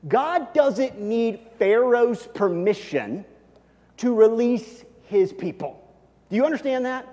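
A man preaching a sermon as a pastor, telling the story animatedly and swinging between loud and hushed. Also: very high-pitched, lively intonation, slow pace, long reverb tail.

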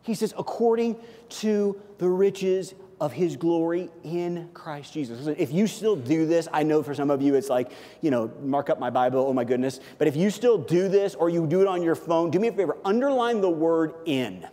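A man preaching a sermon as a pastor, conversational and animated, often checking in with "okay?". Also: a little high, fast talker, hardly any pauses. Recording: long hall reverb.

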